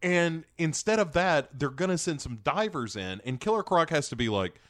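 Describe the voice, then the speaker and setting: A man tells a movie's plot to his co-host, his pitch jumping up and down as he mimics the characters. The sound is dry and close to the mic. He talks in a loose, joking way. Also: no room sound. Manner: animated, acts out quotes in quick voices. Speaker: podcast co-host. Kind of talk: casual movie recap chat.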